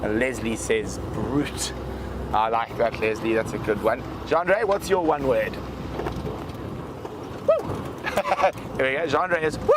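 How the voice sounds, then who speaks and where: A man's voice: mid-range voice, moderate pace. A man hosting a live safari drive from an open vehicle, chatting and reading out viewer comments. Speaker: safari guide and live show host. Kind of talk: live safari broadcast chat. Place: open vehicle outdoors in the bush. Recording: loud vehicle and outdoor noise.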